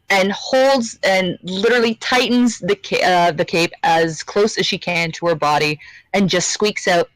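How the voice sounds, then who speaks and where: Female player, slow, halting, dry close sound. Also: mid-range voice, fairly bright tone, no echo, low-quality recording. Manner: hesitant, many fillers. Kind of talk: describing her character in a tabletop game.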